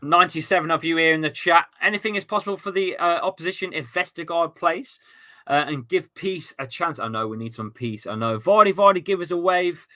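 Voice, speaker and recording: Excitable football fan streamer. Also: male voice, on the high side, a little fast. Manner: excitable, swearing, swings from grumbling to shouting. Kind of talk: live fan commentary.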